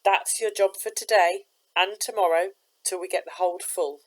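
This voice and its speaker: A woman voicing a gruff, bossy coal-barge master who barks orders in rough speech, in a storybook reading. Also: fairly low pitch, fairly even intonation, normal speed, lightly acted. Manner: barking orders, rough grammar.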